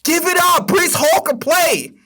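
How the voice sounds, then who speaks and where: A man's voice: very high voice, unhurried, bright, forceful tone. A young man hosting a sports stream, ranting casually and heatedly with plenty of swearing. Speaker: streamer and sports podcast host. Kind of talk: casual sports rant on a livestream.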